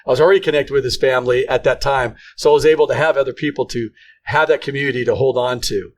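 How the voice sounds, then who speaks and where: A man's voice: medium pitch, steady tone. Middle-aged guy on a church podcast, earnest, keeps restarting his sentences. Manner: earnest, halting, many restarts. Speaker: podcast co-host. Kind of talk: casual faith conversation.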